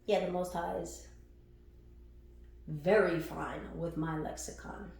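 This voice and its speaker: Woman spiritual reader: slow, blunt and profane, laughs often, recorded in a very echoey room. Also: fairly low pitch, fairly even intonation, gravelly, darkish tone. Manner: emphatic, repeats phrases for effect. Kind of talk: casual spiritual reading to camera.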